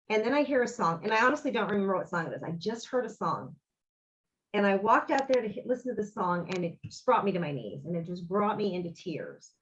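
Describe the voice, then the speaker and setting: Woman, interview guest, earnest rambling storytelling, mid-pitched voice, muffled lo-fi sound. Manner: earnest, rambling, acts out quoted dialogue. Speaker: interview guest, author and bereaved mother. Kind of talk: emotional personal storytelling.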